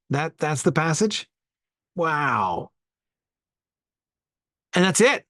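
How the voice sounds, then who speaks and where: A man's voice: on the high side, big pitch swings, extremely slow, a bit bright, no room sound, clean studio sound. A man leading an informal Bible study, thinking aloud and sounding out Greek words as he goes.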